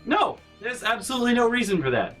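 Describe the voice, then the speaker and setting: A man's voice: very high voice, very animated, fast, fairly bright tone, distant mic, soft background music, rough recording. Rambling, profane storytelling man. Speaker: channel host, storyteller. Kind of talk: comedic storytime narration.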